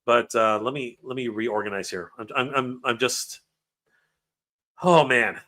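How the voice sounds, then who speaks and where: A man hosting a livestream, emotional and excited, often stumbling over his words while reading viewer comments. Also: mid-range voice, a little slow. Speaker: livestream host.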